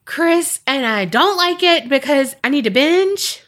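Woman, podcast co-host, high bright voice, very lively pitch, expressive storytelling. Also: measured pace. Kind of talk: casual chat and reading a listener story aloud.

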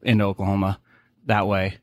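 A man's voice: sits low, monotone, dry recording. A man in his forties from Boston with a faint New England accent, a podcast guest telling stories in casual chat. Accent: faint New England, mostly masked. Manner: storytelling, quick asides.

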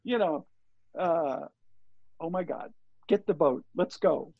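A man in his sixties, an interview guest, telling a rambling, animated story and acting out the lines of the people in it. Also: fairly high pitch, slow, vocal fry, breathy edge, dry recording. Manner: rambling, animated, acts out quoted dialogue. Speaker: interview guest, surf filmmaker. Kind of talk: casual storytelling. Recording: dull lo-fi audio.

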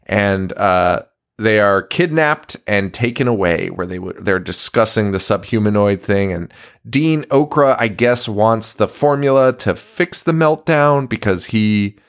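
A man's voice: lowish voice, animated, unhurried, clear, resonant tone. A man in his thirties co-hosting a podcast, rambling and laughing with profanity. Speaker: podcast co-host. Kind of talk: casual chat.

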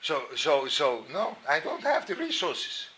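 With a fairly high, slightly rough voice and a somewhat slow pace, a middle-aged man from Switzerland tells self-mocking stories in an animated Torah class lecture. He repeats words and now and then bursts out loudly.

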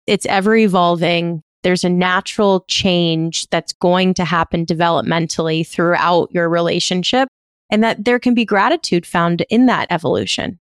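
A woman's voice: on the low side, steady tone, moderate pace, smooth, no room sound, studio quality. A woman hosting a podcast, asking and reflecting in a conversational way. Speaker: podcast host, therapist. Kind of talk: casual podcast interview.

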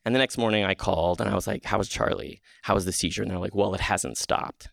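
A man telling a personal story on stage, lively, acting out the quotes with sudden jumps up in pitch. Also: vocal fry, no echo.

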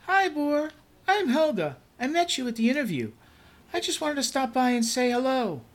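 Bright, nosy coworker lady, loud stage whisper, high and lively, as a man plays her. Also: moderate pace. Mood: chirpy. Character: bubbly gossipy female office coworker.

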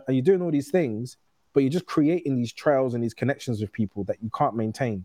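A man's voice: mid-range voice, darkish tone, dry recording. A man in his thirties, a guest telling candid personal stories in casual conversation, often restarting his phrases. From United Kingdom. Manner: candid, storytelling, quick restarts.

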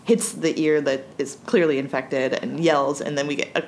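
Female podcast co-host, lower voice, laughs often, faint background hiss. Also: steady tone, moderate pace. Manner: giggly, easygoing. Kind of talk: casual recap chat.

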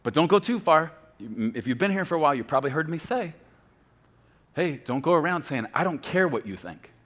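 A man preaching a sermon as a pastor, swinging from loud shouts to quiet, close talk. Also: fairly high pitch, expressive, a little fast. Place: church sanctuary.

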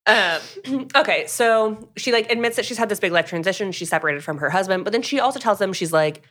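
A young woman co-hosting a podcast, casually recapping a book in a lively storytelling way and acting out the quotes. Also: mid-range voice, a little fast. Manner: lively storyteller, acts out quotes, many fillers. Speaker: podcast co-host.

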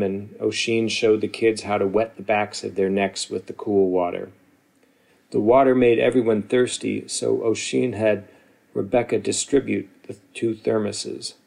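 A man, an author, talking about his writing and reading his own short story aloud in a measured, unhurried way. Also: lowish voice, a little mellow.

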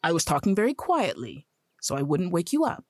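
An actress playing a teasing, dismissive wife in an old-time radio drama. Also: female voice, lowish voice, sing-song, fairly quick, darkish tone, no room sound, clean studio sound. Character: chiding wife, teasing and brisk.

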